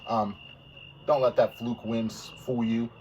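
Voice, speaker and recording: A man's voice: mid-range voice, little pitch movement, a little slow, a little mellow. A man co-hosting a casual sports podcast, joking and blunt, cursing casually. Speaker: podcast co-host. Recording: distant mic with faint background noise.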